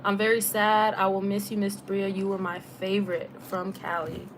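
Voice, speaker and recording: A young woman talks in a loose, chatty way on a live stream. Her voice sits at an ordinary middle pitch and stays easygoing, with plenty of "like" and casual slang. A faint hiss of background noise runs under her voice. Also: normal speed. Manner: relaxed and chatty, heavy use of "like" with slang. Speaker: travel vlogger and former teacher.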